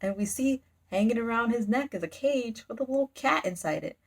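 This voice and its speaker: A woman's voice: a little high, expressive, a little fast. Woman rambling through a manga recap, giggly, lots of likes and fillers. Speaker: manga reviewer. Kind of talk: casual chat recap.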